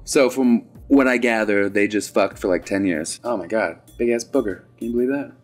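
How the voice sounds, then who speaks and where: Young male reviewer with a lowish voice, rambling and sarcastic, swearing freely in a comedic rant. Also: normal speed, few pauses. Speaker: movie reviewer.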